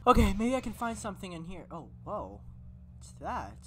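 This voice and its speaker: A woman's voice: medium pitch, very animated, normal speed. A woman giving live horror-game commentary who shrieks at scares and trash-talks the monster chasing her. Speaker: gaming video creator.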